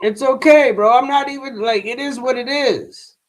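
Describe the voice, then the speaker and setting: Speaking at a moderate pace in a very high-pitched voice, a worn-out man hosts a livestream and chats loosely with viewers. Slang and "bro" pepper his talk as he brushes off a troll in chat.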